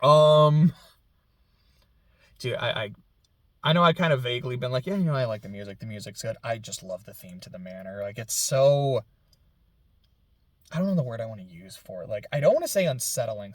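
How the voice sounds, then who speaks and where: A man's voice: medium pitch, no room sound. A young man casually chatting about a video game, rambling with lots of fillers and laughing through near tears. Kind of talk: casual gaming chat.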